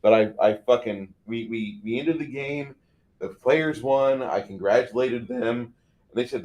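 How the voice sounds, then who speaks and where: A man's voice: mid-range voice, a little slow, lo-fi sound. A man co-hosting a casual podcast, telling a game-master story with lots of swearing. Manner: profane, animated storyteller.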